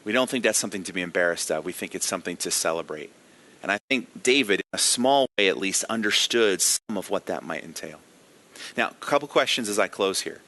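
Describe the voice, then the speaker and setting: A man's voice: sits low, lively intonation, fairly quick, sharp tone. A man giving a daily devotional sermon as a pastor, earnest and emphatic, putting direct questions to his listeners.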